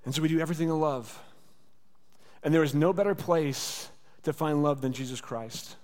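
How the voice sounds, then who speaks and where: A man's voice: fairly high pitch, moderate pace, a little mellow. Earnest male pastor in a reverberant hall. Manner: earnest, conversational preaching with rhetorical repetition. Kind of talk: sermon. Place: church sanctuary.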